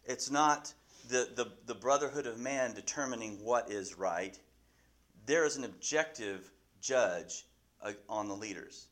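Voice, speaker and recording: A man's voice: mid-range voice, measured pace, a bit bright. A man teaching a Bible class, asking his listeners questions and often restarting his sentences.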